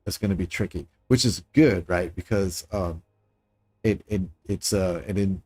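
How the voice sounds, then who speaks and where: A man's voice: sits low, moderate pace, a little mellow, husky, no room sound. A man streaming a building game, thinking aloud as he works and sizing up his own designs. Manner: thinking aloud, musing and self-critical; talks to chat viewers in passing. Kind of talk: casual live-stream commentary while building.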